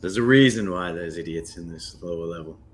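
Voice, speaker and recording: Australian guy playing dnd, lowish voice, careful, faint noise behind. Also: fairly quick. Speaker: player. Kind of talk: tabletop game play.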